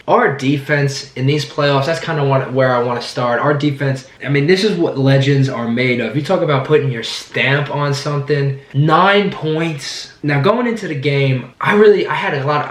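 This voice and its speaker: A man with a hoarse voice, hosting his own channel and rambling excitedly about his team. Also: medium pitch, roomy sound. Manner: rambling, excited, restarts sentences often. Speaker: sports fan channel host. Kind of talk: casual sports vlog commentary. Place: indoor room, sitting down.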